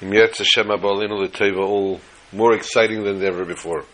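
A man's voice: fairly low pitch, steady tone, fairly quick, a bit bright, low-quality recording. A man, a rabbi, giving a weekly Torah class in a chatty storytelling manner, acting out jokes.

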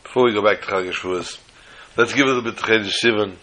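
A man and religious teacher, telling humorous stories in a sermon with lively delivery. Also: lowish voice, racing, poor audio. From United States. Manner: animated storyteller, shifts between voices. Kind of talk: storytelling sermon with jokes.

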